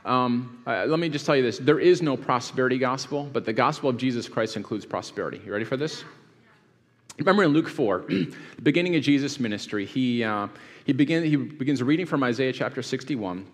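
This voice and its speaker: A man's voice: medium pitch, expressive, brisk. A man, a pastor, preaching a sermon to a live congregation, reading scripture aloud and quizzing the audience with questions. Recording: long hall reverb.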